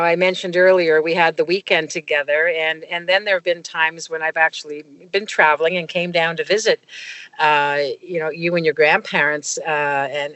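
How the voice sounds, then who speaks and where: A middle-aged woman with a somewhat low voice tells a personal story as an interview guest. She speaks hesitantly, with frequent fillers and restarts. The recording is dry and close. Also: fairly bright tone, no room sound. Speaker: guest, medical consultant.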